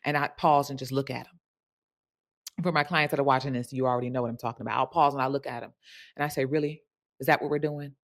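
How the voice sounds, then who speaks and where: A woman's voice: a bass voice, steady tone, quick pace. A woman speaking as a sensuality coach in a casual monologue, chatty and candid, often tossing in "right?". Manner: candid and frank, swears casually. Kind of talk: casual direct-to-camera monologue.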